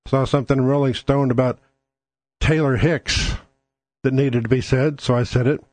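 A man's voice: medium pitch, fairly even intonation, moderate pace, darkish tone, no echo. A man hosting his own talk show, talking bluntly and combatively with plenty of swearing. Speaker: podcast host. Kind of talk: casual political talk.

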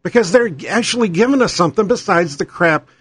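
A man's voice: sits high, lively intonation, a little fast, a bit bright, husky. A middle-aged man delivering an angry, profane, sarcastic political rant as a talk show host. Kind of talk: ranting political monologue.

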